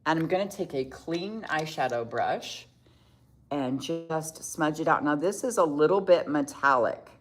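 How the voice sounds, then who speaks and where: A middle-aged woman hosting a casual makeup tutorial livestream, chatty, reading viewer comments aloud and quick to laugh. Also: sits low.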